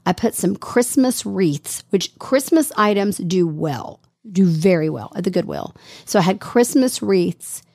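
A woman's voice: mid-range voice, a little slow, no echo, studio quality. A middle-aged woman co-hosting a radio show, telling a story in casual chat and acting out the quotes. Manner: animated storyteller, acts out quotes.

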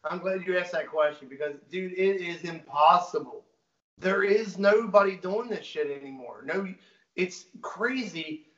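A blunt man in his thirties runs a shop and talks plainly, swearing without a second thought. His voice sits slightly high for a man. It echoes around a roomy space, and the sound comes through muffled. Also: unhurried, fairly bright tone. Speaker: guest, shop owner. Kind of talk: casual podcast conversation.

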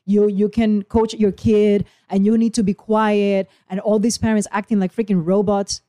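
A woman's voice: mid-range voice, level tone, moderate pace, warm tone, no echo, studio quality. Chatty, emotional woman podcast host. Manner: emotional, rambling storytelling. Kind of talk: casual chat.

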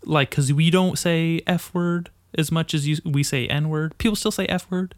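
A young man hosting a casual podcast chat, talking in a profane, rambling and excitable way. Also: a little high, moderate pace, no echo, clean studio sound.

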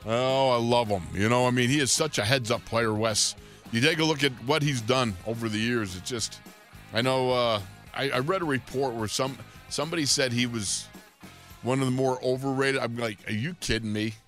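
A man's voice: mid-range voice, moderate pace, a bit bright, soft background music. A man co-hosting a sports radio show, chatting casually, joking and laughing a lot between rambling thoughts. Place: radio studio.

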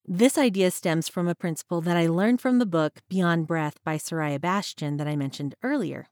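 A woman hosting a reflective faith-based podcast, speaking in a measured, earnest way and slowing down to read scripture. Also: on the low side, darkish tone, no room sound, studio quality. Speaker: podcast host.

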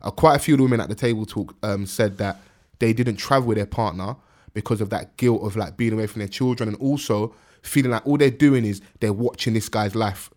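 A man co-hosting a podcast, talking quickly and loosely with lots of fillers and slang. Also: on the low side, a little mellow. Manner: fast, heavy use of slang and fillers. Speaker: podcast co-host. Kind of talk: casual chat.

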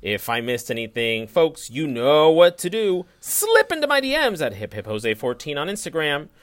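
A man's voice: fairly high pitch, very animated, normal speed. A man co-hosting a podcast, reading a scripted fact-check segment in a teasing, sarcastic way. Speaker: podcast co-host.

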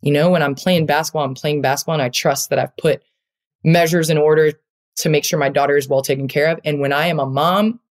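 A woman basketball player, a guest in a heartfelt conversational interview, speaks earnestly and reflectively with lots of fillers. Her voice sits low, with a steady tone and a quick pace.

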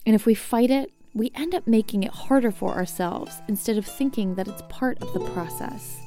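A woman narrating in a calm, reflective scripted style. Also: fairly high pitch, moderate pace, music in the background. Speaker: host and storyteller.

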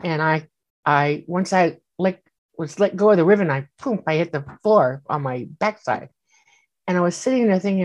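A woman telling a personal story in casual speech, animated and acting out the voices she quotes, with many fillers. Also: fairly low pitch, moderate pace, lo-fi sound. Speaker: guest recounting an experience.

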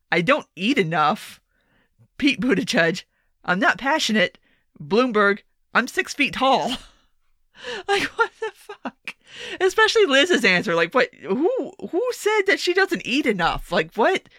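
A woman's voice: mid-range voice, a bit bright, no echo, studio quality. A woman giving casual political commentary, sarcastic and profane, often exasperated.

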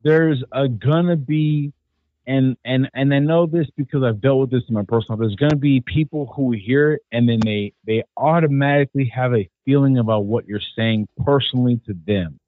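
A man's voice: medium pitch, normal speed, dry recording. Hesitant man on a phone-like line. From California. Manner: earnest, careful, hesitant with many fillers. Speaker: podcast guest, hunter. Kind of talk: casual podcast conversation. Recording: thin phone-like sound.

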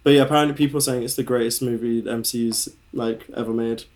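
A man's voice: medium pitch, steady tone, fast talker, darkish tone. A young man on a podcast, chatting eagerly with lots of "like" fillers. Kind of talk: casual podcast chat.

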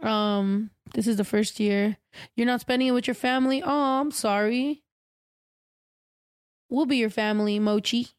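A young woman co-hosting a podcast, chatty and expressive, swearing and laughing easily. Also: a little high, normal speed, pauses often, smooth, no room sound, studio quality. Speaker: podcast co-host. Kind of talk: casual chat.

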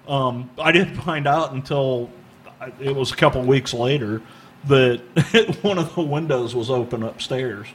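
A man's voice: medium pitch, a little slow, a little hiss or hum. A man, a podcast guest, telling a strange personal story in casual chat, rambling and repeating his words. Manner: rambling, repeats words, laughs at bizarre moments.

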